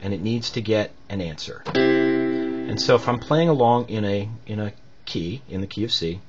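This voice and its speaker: A man's voice: on the low side, moderate pace, highs cut off. A man teaching a recorded music lesson, explaining patiently with many fillers between demonstrations.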